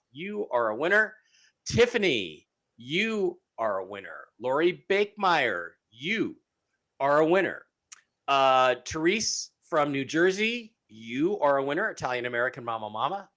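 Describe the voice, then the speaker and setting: A man hosting a live-streamed talk show, reading out giveaway winners in a casual, repetitive way with many fillers. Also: a little high. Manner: animated, repeats phrases, many fillers. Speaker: show host.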